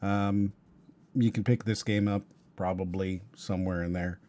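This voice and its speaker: A man's voice: low voice, fairly even intonation, moderate pace, dark tone. A man hosting a casual podcast chat who laughs easily and keeps steering the talk along.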